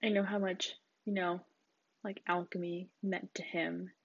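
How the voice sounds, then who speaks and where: A woman's voice: fairly low pitch, flat delivery, unhurried, breathy edge, no echo. A young woman rambling in a casual solo chat, giggly and full of fillers, on a dull lo-fi recording. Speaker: podcast host.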